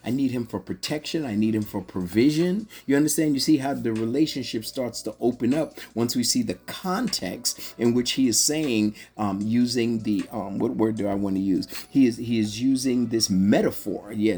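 Fervent husky male Bible teacher. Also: mid-range voice, a little mellow. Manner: fervent, call-and-response asides. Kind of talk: preaching-style Bible teaching.

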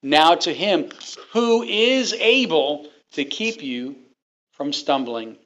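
A man with a fairly high, slightly bright voice preaches a sermon to his congregation, emphatic and repeating his points while asking the people questions. The recording is dull and lo-fi.

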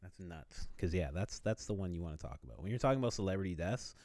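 A man's voice: deep voice, animated, fast, darkish tone, no echo, studio quality. A man co-hosting a podcast in loose casual chat, swearing freely and acting out quotes. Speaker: podcast co-host.

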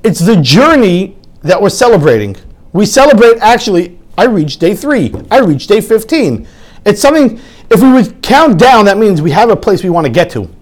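A man giving an animated sermon full of stories, often restarting his sentences and acting out quotes. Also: sits high, moderate pace. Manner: lively, frequent restarts, acts out quotes.

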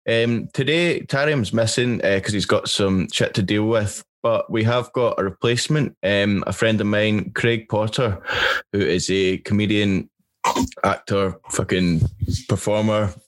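A man in his twenties hosting a podcast, chatting casually with relaxed, sweary banter. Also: on the low side, a little slow. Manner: laid-back, sweary banter. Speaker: podcast host.

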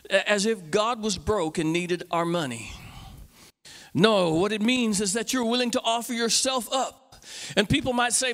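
A man's voice: sits high, moderate pace, fairly bright tone, long reverb tail. A man preaching as a pastor, speaking emphatically with repetition and call-and-response. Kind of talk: sermon.

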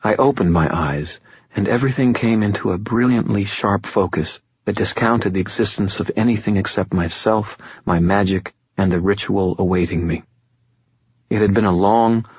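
A man reading a first-person novel aloud as an audiobook, in a wry, measured narration. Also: low voice, breathy edge, no echo, dull audio.

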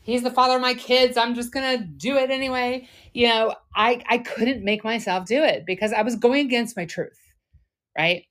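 Earnest woman podcast co-host, higher voice. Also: fairly even intonation, normal speed. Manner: earnest, confessional, trails off softly. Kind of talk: candid podcast chat.

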